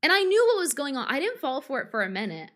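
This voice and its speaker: A woman streamer speaks in a fairly high voice, ranting on a live stream. She is combative and profane, piles on fillers and restarts, and keeps circling back to her point. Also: very animated, fast talker, a bit bright. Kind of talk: live-stream reaction rant.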